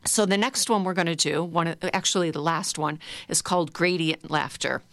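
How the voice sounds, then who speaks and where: A woman's voice: fairly low pitch, moderate pace, fairly bright tone, no echo. Upbeat woman leading a laughter class. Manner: upbeat, coaxing, playful. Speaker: laughter yoga leader. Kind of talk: guided laughter exercise.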